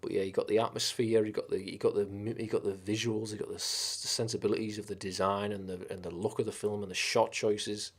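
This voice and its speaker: A man's voice: lowish voice, little pitch movement, a little fast, few pauses. A man streaming live, chatting casually about films, with lots of swearing and rambling enthusiasm.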